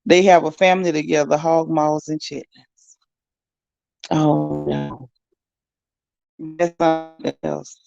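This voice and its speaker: Female livestream host, gravelly and chatty, reading viewer comments. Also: low voice, slow pace, pauses often, muffled recording, faint music behind. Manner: chatty, animated, talks straight to viewers. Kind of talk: casual livestream chat.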